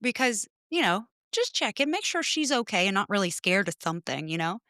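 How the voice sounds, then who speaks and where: A woman speaking as a podcast guest, talking casually in a bright, clear voice. She tells her stories in a chatty way and plays out what everyone said. The sound is close and dry, from a small home studio. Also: mid-range voice, fairly quick, no room sound. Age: adult with children. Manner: chatty storyteller, animated retelling of conversations. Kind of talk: casual chat.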